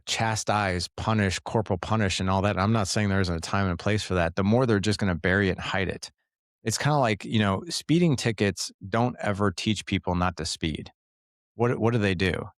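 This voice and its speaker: A man's voice: low-pitched, no room sound, clean studio sound. A middle-aged man as a podcast guest, coaching fathers in an earnest, casual way, often repeating words and saying man and dude.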